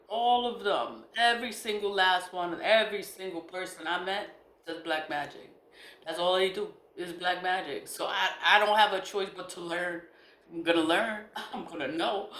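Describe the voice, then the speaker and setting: Woman vlogger, from the United States, mid-pitch, ranting monologue, foul-mouthed and fed up, echoey room recording. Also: a bit bright. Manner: profane, exasperated, laughs often. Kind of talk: casual venting monologue. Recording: echoey room with faint noise.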